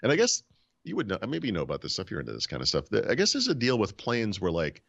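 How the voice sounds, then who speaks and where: Deep-voiced man telling a lively story. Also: fast talker, vocal fry, dull audio. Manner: animated storyteller, acts out quoted dialogue. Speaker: podcast host. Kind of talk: casual chat, storytelling.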